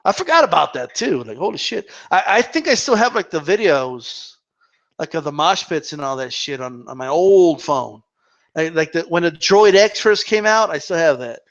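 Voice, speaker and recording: A man with a high voice hosts a casual live Q&A stream. He rambles loosely and swears freely, and the sound is dull and lo-fi. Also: big pitch swings, normal speed, a bit bright. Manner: rambling and profane.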